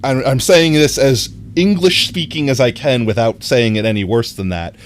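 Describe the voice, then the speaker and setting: A man's voice: medium pitch, moderate pace, slight background noise. A young American man chatting casually on a live stream, reading chat aloud, rambling and often laughing.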